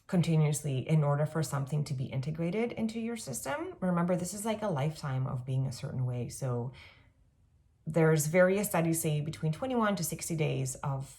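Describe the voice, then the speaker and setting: A woman in her thirties talking casually and reflectively in a self-help monologue, often pausing on "um" and "like". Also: deep voice, animated. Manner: gentle, reflective, with frequent "um" and "like".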